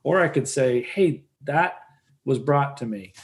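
Middle-aged man, earnest, conversational, repeats words, average pitch. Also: animated, measured pace. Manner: earnest, repeats words often when starting a thought. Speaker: real estate investor guest. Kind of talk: conversational interview answer.

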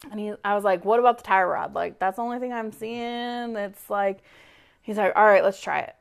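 A woman speaks fairly quickly in a mid-range voice that is smooth yet creaky. Co-hosting a podcast, she vents an exasperated story in casual chat, swearing freely and animatedly acting out the lines she quotes.

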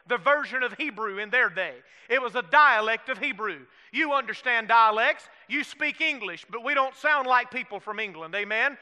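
This pastor's very high voice comes across bright, forceful and clean as he delivers a folksy sermon in a Southern US accent. He asks the congregation questions and calls for amens, with long hall reverb filling the church sanctuary.

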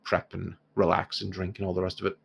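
A man narrating a tabletop game as game master, lively and laughing often, with many fillers. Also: low voice, quick pace, vocal fry, slightly rough, dull audio.

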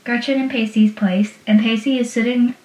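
A woman's voice: a little high, fairly even intonation, normal speed, mellow. A young woman chatting casually as she recaps a TV episode, laughing often and using many fillers. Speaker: show recapper. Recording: roomy, distant, dull lo-fi sound.

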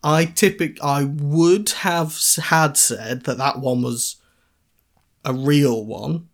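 Brief: male podcast co-host, a touch higher in pitch, mock-formal ribbing and frequent laughs. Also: fairly even intonation, slow. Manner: mock-pompous teasing, laughs often. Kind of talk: casual comedy podcast chat.

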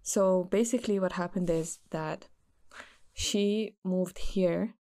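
A woman's voice: on the low side, steady tone, slow, dark tone. A young woman earnestly recounting a friend's story in casual chat.

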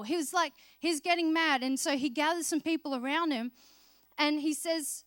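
A woman with a high, fairly bright voice speaks unhurriedly as she preaches. She shares Bible stories conversationally and acts out what the characters say. The sound is dry and studio-clean.

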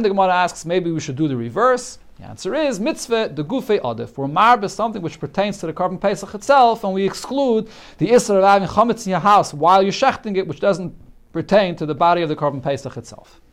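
Man teaching Talmud, phrase by phrase. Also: high-pitched. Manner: reads a phrase, then explains it in English, with frequent restarts. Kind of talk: Talmud lesson, translating Hebrew and Aramaic phrase by phrase.

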